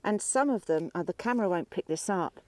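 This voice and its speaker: A woman's voice: fairly low pitch, lively intonation, a little fast, darkish tone, no echo. A woman chatting outdoors on a mountainside, explaining local history she researched. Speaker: co-host and researcher. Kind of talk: casual chat.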